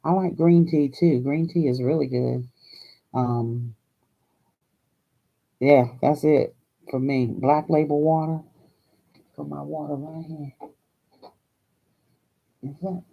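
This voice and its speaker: Gravelly older woman chatting casually. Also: low voice, fairly even intonation, takes it slowly, long pauses, highs cut off. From Hawaii. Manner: folksy, chatty, laughs often. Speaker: crafting channel host.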